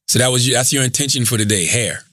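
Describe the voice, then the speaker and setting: A man's voice: mid-range voice, quick pace, a bit bright, dry recording, clean studio sound. A man co-hosting a podcast in casual chat, joking provocatively, a little congested. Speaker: podcast co-host.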